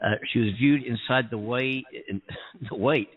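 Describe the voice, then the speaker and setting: A man's voice: medium pitch, moderate pace. A man co-hosting a talk radio show, chatting casually and thinking aloud as he reads the news. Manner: chuckles often, thinks aloud while reading. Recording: tinny phone-line sound.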